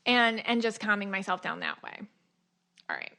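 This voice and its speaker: A woman's voice: mid-range voice, moderate pace, gravelly, pushed and bright. A middle-aged woman hosting a podcast, talking casually and chattily, full of "like" and "you know", acting out her own inner questions. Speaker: podcast host. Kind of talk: casual spiritual podcast monologue.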